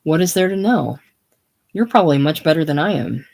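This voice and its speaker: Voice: medium pitch, lively intonation, brisk, creaky, a little mellow. A reader voicing Gus, an earnest, apologetic Austrian mechanic with a slight German accent, polite and eager to be welcomed. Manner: polite, eager, self-effacing.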